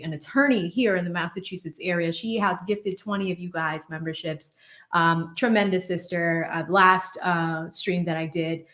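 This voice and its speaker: A Boston woman in her thirties hosts a legal commentary livestream, chatting as she reads viewer messages aloud and gives shout-outs. Her voice is fairly low and sounds reverberant.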